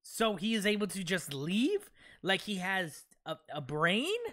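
A young man streaming a video game live, reacting excitably, talking to himself and thanking chat. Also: high-pitched, measured pace. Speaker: gaming livestreamer. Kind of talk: live gameplay commentary.

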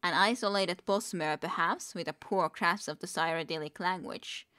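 A woman's voice: on the low side, moderate pace, bright, forceful tone. A woman streamer reading a book aloud, with wry, chatty asides.

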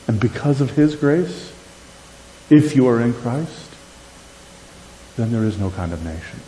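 A man's voice: fairly high pitch, darkish tone, reverberant, poor audio. A man preaching a sermon to a congregation with passion, often asking them questions and checking they are with him. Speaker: pastor. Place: church sanctuary.

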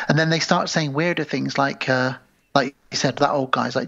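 A man's voice: medium pitch, steady tone, normal speed, vocal fry, fairly bright tone, muffled recording. A man co-hosting a casual podcast, retelling film scenes and acting out the characters' lines. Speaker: podcast co-host.

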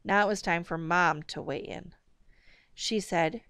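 A woman reading a novel aloud in a steady, measured narration. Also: on the low side, clean tone, dry recording, clean studio sound. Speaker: audiobook reader.

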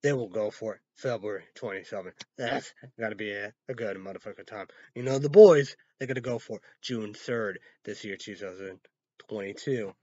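A man on his own channel, rambling and swearing, swinging from loud outbursts to low mumbles. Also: normal speed, no echo. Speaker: vlogger. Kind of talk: rambling solo rant. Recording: dull, muffled lo-fi sound.

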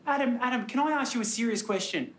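A man's voice: extremely high pitch, quick pace, a bit bright, a little hiss or hum. An indignant young Australian shop worker who has had enough. He argues back with sarcasm, his voice ringing in an echoey room. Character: fed-up young male retail worker.

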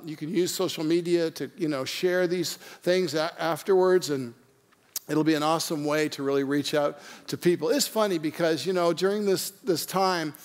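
Chatty high-voiced male pastor. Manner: chatty, joking, many fillers and restarts. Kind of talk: casual sermon opening. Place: church online service.

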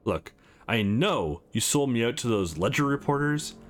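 A man's voice: medium pitch, animated, moderate pace, a little hiss or hum, natural voice. A man reading an urgent, worried judge. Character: worried male judge on the phone.

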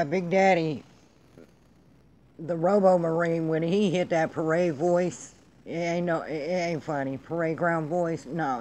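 A woman's voice: low voice, darkish tone. A middle-aged woman hosting her own vlog, delivering a blunt, profane, emphatic rant in casual talk. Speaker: vlog host. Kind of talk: casual ranting monologue.

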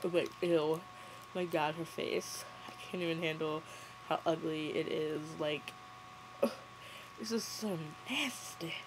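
A woman's voice: sits low, slow, pauses often, background noise. Young adult woman, sarcastic and giggly, casual running movie commentary.

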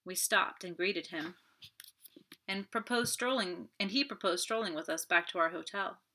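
Bright-voiced woman narrating an audiobook. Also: fairly low pitch, moderate pace. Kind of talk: first-person audiobook narration.

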